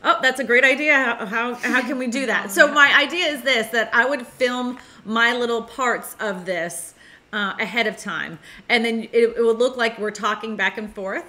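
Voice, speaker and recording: A woman's voice: a little high, moderate pace, pushed and bright. A middle-aged woman with a New England accent hosting a casual live-stream chat, laughing often and reading viewer comments aloud. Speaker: host.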